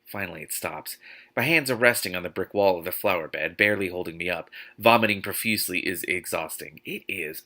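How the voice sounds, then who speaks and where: Brief: male host, book reading with snarky asides, lowish voice, bright tone. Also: a little fast. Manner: exasperated, sarcastic asides.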